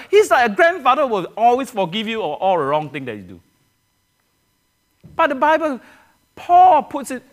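A man delivers a sermon to his church in a high voice. His pitch rises and falls widely as he restarts phrases and turns to the congregation with questions. The tone is earnest throughout. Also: a bit bright. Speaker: pastor.

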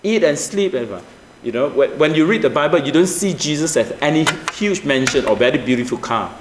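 A man's voice: on the high side, animated, fairly quick, echoey room, noisy background. A man preaching a sermon, asking the listeners questions, with slightly non-native grammar. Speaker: pastor.

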